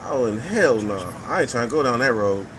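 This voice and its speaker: Guy on a livestream reading comments, blunt and cussing, mid-pitched voice, slight background hum. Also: animated, normal speed, fairly bright tone, low-quality recording. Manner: blunt, profane, repeats his points. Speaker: live show host reading viewer comments. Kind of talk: casual opinionated livestream talk.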